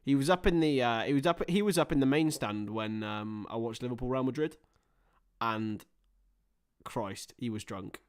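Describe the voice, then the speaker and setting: A young man hosting a live match watchalong, chatting casually and rambling between topics, with excited bursts of play-by-play. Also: mid-range voice, normal speed, clear, resonant tone. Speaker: livestream host.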